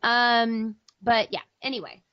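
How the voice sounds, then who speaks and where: A woman's voice: on the high side, steady tone, slow pace, smooth, no echo. American woman, voice actor guest, rambling casual talk, dry close sound, dull lo-fi audio. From United States. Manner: rambling, many fillers and restarts. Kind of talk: casual interview chat.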